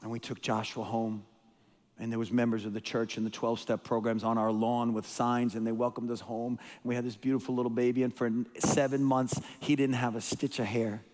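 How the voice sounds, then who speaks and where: A man's voice: mid-range voice, level tone, a little fast, darkish tone. A man giving a storytelling sermon as a guest preacher, emotional and rambling, with frequent restarts and repeated words. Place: church sanctuary. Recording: long hall reverb.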